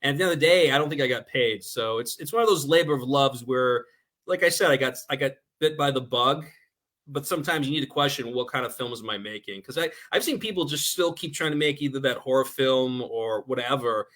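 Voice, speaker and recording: A man with a New York accent talks fast through his stories, his voice nasal and bright with a forceful edge. He chats as a guest on a talk show, animated and quick. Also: medium pitch. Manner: fast-talking, animated storyteller. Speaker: guest filmmaker. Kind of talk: casual talk-show chat.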